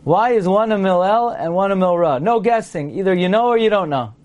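A man with a fairly high voice teaches a class. He is playful and quizzing, and he sounds out his examples aloud as he goes. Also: lively intonation, a little fast, a little mellow, slight background noise. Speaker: Torah teacher. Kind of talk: lecture to a class.

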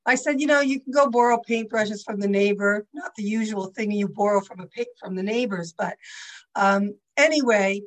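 The recording is rough as an older teacher, speaking at normal speed in a mid-range voice, leads a class over a video call. She keeps things casual and chatty, rambling with many asides.

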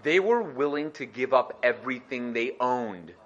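A man teaching a lively Torah lesson, animated and acting out little scenes. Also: mid-range voice, normal speed, dull audio. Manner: animated, acts out dialogue.

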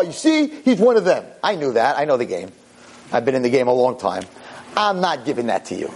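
A man, a rabbi, telling a story to an audience in an animated, wry way, often breaking off and restarting. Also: medium pitch, slight background noise, low-quality recording. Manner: animated, self-interrupting, wry.

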